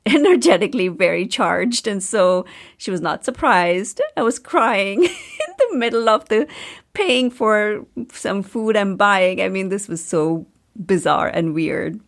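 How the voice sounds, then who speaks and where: A middle-aged woman, a podcast host and coach, telling a personal story in a chatty, animated way and laughing often. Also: creaky. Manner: chatty, animated, laughs often, pitch jumps up when excited.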